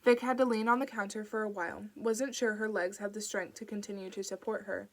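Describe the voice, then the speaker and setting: A woman's voice: medium pitch, steady tone, a little fast. Woman reading a novel aloud. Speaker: audiobook reader. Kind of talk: audiobook narration.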